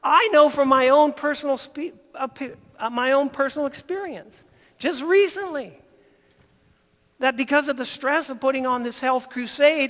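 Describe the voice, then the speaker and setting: A man telling stories in a folksy, animated health talk. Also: very high-pitched, moderate pace, big-room sound.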